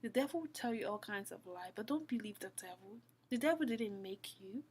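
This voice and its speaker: An earnest woman speaks an informal devotional message to the listener. She repeats phrases for emphasis and often sinks into a soft, close whisper before her voice rises again with conviction. Her pitch sits in a middling range. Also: animated, fairly quick, breathy edge. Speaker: Christian speaker. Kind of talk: heartfelt spoken devotional talk.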